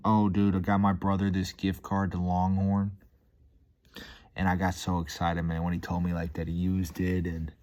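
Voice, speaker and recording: A vlogger with a deep, mellow voice rambles casually, upbeat and quick to get hyped. He's laid-back and drops "dude" and "man" into nearly every line.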